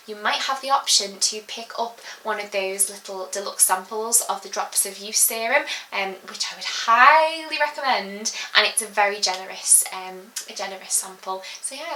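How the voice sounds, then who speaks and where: A young woman chatting casually through a haul video, rambling and filling pauses as she goes. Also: fairly high pitch, sharp tone. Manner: chatty and rambling, full of giggles and fillers. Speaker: beauty vlogger. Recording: echoey room.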